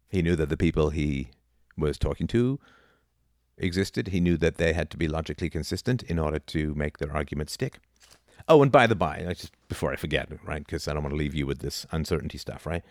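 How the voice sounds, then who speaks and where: A middle-aged man talking casually about philosophy, animated, dipping into mocking impressions. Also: very deep voice, brisk, long pauses, dry recording, clean studio sound. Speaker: podcast host.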